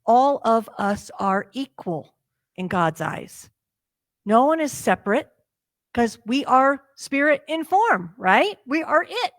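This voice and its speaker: Lady minister preaching slow and lively, kinda high voice, dry close sound. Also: dry recording. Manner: lively storytelling, acting out the characters' lines. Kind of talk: sermon. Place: church sanctuary.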